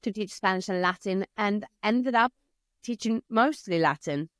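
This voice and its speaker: A woman with an Italian accent, a language teacher, chatting in an interview and telling stories lively, acting out her children's voices. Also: mid-range voice, moderate pace, no room sound, studio quality. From Italy. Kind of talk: casual conversation.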